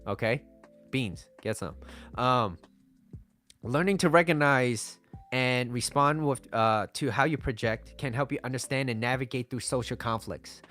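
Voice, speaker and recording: A man talks through relationship advice in a loose, rambling monologue, dropping curses and chuckling as he goes. He sometimes refers to himself by name in the third person, and faint music plays softly underneath. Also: mid-range voice, a little slow. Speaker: dating and relationship advice host. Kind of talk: casual talking-head advice monologue.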